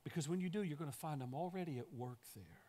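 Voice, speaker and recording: A calm, patient God speaks in a lowered, hushed voice, every word gentle and steady, the way a man preaching acts him out. The tone stays unhurried and reassuring.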